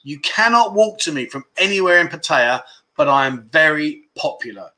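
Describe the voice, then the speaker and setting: A man's voice: fairly high pitch, expressive, normal speed, pushed and bright. A man hosting a casual livestream quiz, chatting and teasing viewers as he reads their comments aloud. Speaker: livestream host.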